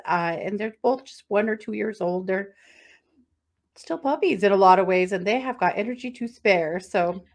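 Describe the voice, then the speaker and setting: A woman's voice: mid-range voice, animated, normal speed. A middle-aged woman co-hosting a podcast, talking casually and walking through a missing-person case in a rambling, chatty way. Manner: chatty, rambling with fillers and restarts, laughs easily. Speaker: podcast co-host.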